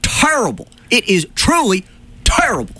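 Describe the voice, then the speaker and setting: A man's voice: high voice, wildly swooping pitch, normal speed, pushed and bright. A young man hosting a radio show with playful, jokey banter.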